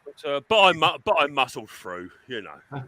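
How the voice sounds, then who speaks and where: A man's voice: medium pitch, big pitch swings, moderate pace, pushed and bright, dry recording. A man trading cheeky, teasing banter in a casual livestream chat.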